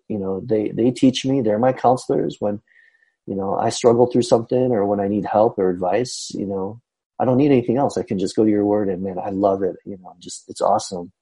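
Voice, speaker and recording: A man reflecting on a psalm in a casual Bible discussion, speaking haltingly with many fillers and restarts. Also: lowish voice, creaky, warm tone, slightly rough, poor audio. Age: adult. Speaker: Bible study discussion leader.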